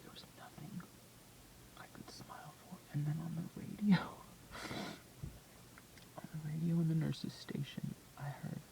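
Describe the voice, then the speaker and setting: Confessional vlogger, mid-pitched and gravelly, whispery, emotional swings. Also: steady tone, a little slow, long pauses, rough recording. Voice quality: hushed, often whispered delivery. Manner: emotional, swings from hushed to loud. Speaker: vlogger sharing a personal story. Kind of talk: confessional personal testimony.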